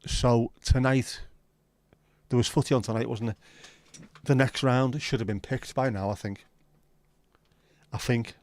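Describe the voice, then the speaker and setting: A man's voice: medium pitch, steady tone, measured pace, long pauses, a little mellow, dry recording. A man hosting a livestream, chatting casually with his viewers in banter full of swearing. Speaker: livestream host. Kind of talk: casual chat with live viewers.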